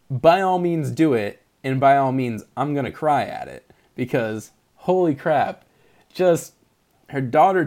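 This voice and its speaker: A young man co-hosting a casual movie podcast, excited and rambling, laughing often. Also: medium pitch. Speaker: podcast co-host.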